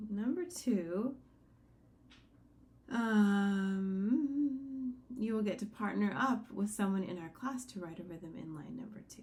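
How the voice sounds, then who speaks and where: A woman's voice: medium pitch, unhurried, darkish tone. A woman teaching a sight-singing lesson, giving patient step-by-step instructions and singing short examples. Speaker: music teacher.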